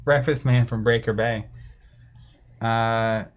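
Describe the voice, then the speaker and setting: A man's voice: mid-range voice, fairly even intonation, takes it slowly. Easygoing man reading out chat names. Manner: reads out viewer names and places, self-deprecating. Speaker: co-host of a card game stream. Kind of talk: casual chat reading viewer comments.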